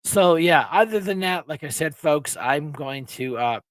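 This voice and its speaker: A man's voice: fairly high pitch, expressive, unhurried, fairly bright tone, no echo. A man hosting a casual live-stream chat, rambling and laughing with many restarts, his throat a little sore. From Pennsylvania. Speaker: show host.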